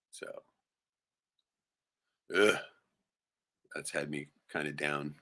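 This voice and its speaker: A man's voice: rumbling low, very slow, pauses often, sharp tone. A man hosting a livestream, venting in a profane, rambling, heated way and tossing in "right?" constantly. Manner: peppers speech with "right?". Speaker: livestream host. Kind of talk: casual livestream rant.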